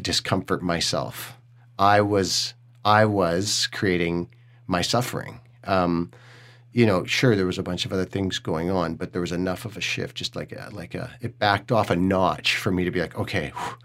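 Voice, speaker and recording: A middle-aged man hosting a podcast, speaking candidly and emotionally and swearing freely in casual conversation. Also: sits low. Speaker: podcast host.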